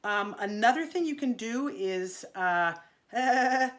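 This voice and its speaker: A middle-aged woman runs an online singing lesson in a chatty, encouraging way, explaining and breaking into sung vocal drills. Her voice sits high for a woman and sounds bright and forward. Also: lively intonation, slow. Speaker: voice teacher.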